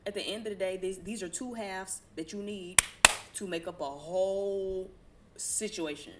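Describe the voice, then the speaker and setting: A woman's voice: medium pitch, fairly even intonation, moderate pace, very noisy. A woman giving a casual tarot reading, talking in a blunt, preachy and colloquial way and swearing now and then. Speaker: tarot reader.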